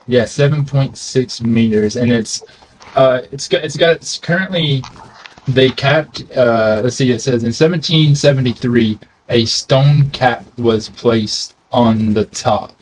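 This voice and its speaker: A man's voice: mid-range voice, unhurried, a little hiss or hum, rough recording. A man from the United States with a Southern American accent, hosting a casual interview with curious questions. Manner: easygoing, curious, reads facts aloud. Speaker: host.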